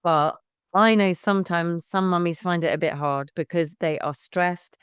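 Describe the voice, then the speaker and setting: A woman's voice: lowish voice, moderate pace, clear, resonant tone, no room sound, clean studio sound. Frank, chatty woman in her fifties. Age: 50s. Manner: frank, chatty, warm-hearted, swears casually. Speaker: guest, baby music class leader. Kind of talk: casual podcast chat.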